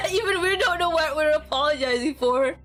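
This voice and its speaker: Giggly young woman streamer rambling over a game, highish voice. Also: moderate pace, fairly bright tone, soft background music. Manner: giggly, laughs often, rambling. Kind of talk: casual gameplay commentary.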